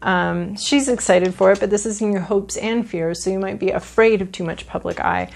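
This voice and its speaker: A woman's voice: mid-range voice, moderate pace, gravelly. A woman giving a casual tarot reading, rambling with many fillers and restarts and playful asides. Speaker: tarot reader.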